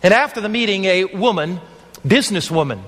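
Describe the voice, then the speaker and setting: A man's voice: sits high, expressive, a little fast, a bit bright, long reverb tail. A man preaching an evangelistic sermon as pastor, earnest and pleading, acting out the voices in his stories.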